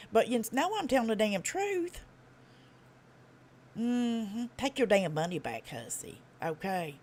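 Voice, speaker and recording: Southern woman host with a Tennessee accent; blunt and profane, quick, animated delivery. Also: mid-range voice. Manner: blunt, profane, folksy drawl; fast talker. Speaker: livestream host. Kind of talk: casual live-stream commentary.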